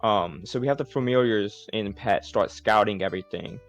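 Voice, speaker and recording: A man's voice: fairly low pitch, normal speed, lo-fi sound, soft background music. A man giving a casual, rambling recap of a tabletop game session, full of fillers and swearing. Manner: rambling, profane, lots of fillers.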